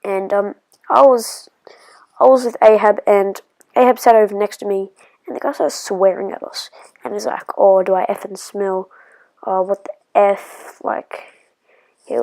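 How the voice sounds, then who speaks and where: A woman's voice: mid-range voice, creaky, a little mellow, low-quality recording. A woman telling a personal story in a casual vlog, rambling and hesitant with lots of fillers, sometimes dropping to a whisper.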